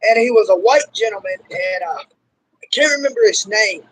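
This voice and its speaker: The host and interviewer is a young Southern-accented man from Kentucky whose voice sits high and a bit bright, at normal speed. He rambles through a casual interview with plenty of "like" and "y'all," in a low-quality recording.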